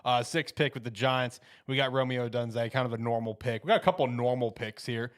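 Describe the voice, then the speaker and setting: A man's voice: mid-range voice, a little fast. A man hosting a casual podcast, rambling and laughing often as he runs a mock draft. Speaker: host running a mock draft.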